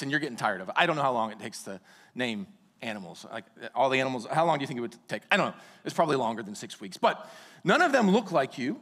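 A man preaching from the pulpit in a high, lively voice that swings widely in pitch. He breaks into sudden shouts and playful asides to the congregation. His words ring out with the long reverb of a large church hall. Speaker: pastor. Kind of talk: sermon.

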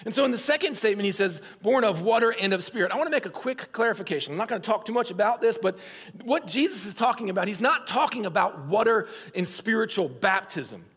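Husky high-voiced male preacher in a hall. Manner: casual, animated storytelling with asides to the congregation. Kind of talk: conversational sermon.

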